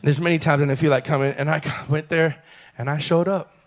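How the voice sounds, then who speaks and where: High-voiced preaching man. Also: fairly even intonation, a little fast. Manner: calls on the congregation to repeat phrases, builds to shouting. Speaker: pastor. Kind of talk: sermon. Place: church.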